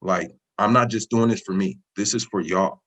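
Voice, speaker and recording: A man in his thirties with a low, husky voice tells his story in a casual interview over a video call. He speaks earnestly and with feeling, running his phrases together loosely. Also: moderate pace, fairly bright tone, poor audio. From California. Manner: earnest, emotional, talks in loose run-on phrases. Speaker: interview guest, student sharing a success story.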